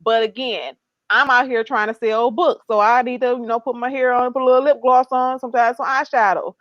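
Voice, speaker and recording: A woman's voice: a little high, fairly even intonation, brisk, fairly bright tone, no echo. A woman guest and author speaking bluntly and emphatically in a casual panel discussion over a video call. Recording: dull dry sound.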